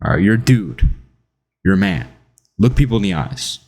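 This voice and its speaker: A young man giving casual self-improvement advice in an animated, jokey way, acting out quotes. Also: lowish voice, moderate pace. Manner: animated, jokey, laughs at his own stories, acts out quotes. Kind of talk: casual talking-head advice video.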